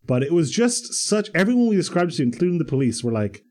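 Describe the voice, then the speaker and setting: A man co-hosting a podcast in casual chat, excitable and emphatic, often laughing. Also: a little high, fast. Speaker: podcast co-host.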